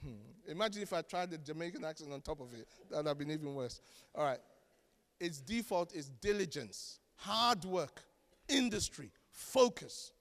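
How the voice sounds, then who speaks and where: High-voiced preacher man in an echoey hall. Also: normal speed. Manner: animated, joking, acts out quoted voices. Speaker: pastor. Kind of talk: sermon. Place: church.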